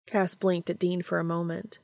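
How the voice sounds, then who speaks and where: A woman reading a fan story aloud as the podcast's host, with steady, even narration. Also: fairly low pitch, moderate pace, creaky, no room sound, clean studio sound. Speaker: podcast reader of fan fiction.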